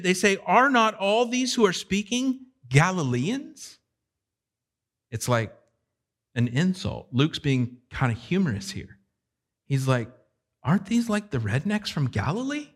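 A man preaching a sermon as a pastor, in a conversational, animated way that keeps putting questions to the congregation. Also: high-pitched.

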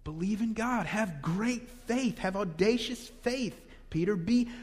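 A man preaching a sermon in a lively, conversational way with humorous asides, recorded with long hall reverb. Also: high voice, measured pace, breathy edge. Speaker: pastor.

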